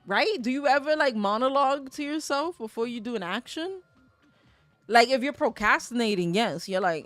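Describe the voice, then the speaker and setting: A woman's voice: a little high, animated, moderate pace, a bit bright, dry recording, soft background music. A woman gamer giving casual commentary over a game, chatty and rambling, with the odd swear. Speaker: let's play gamer. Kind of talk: casual game commentary, reading dialogue aloud.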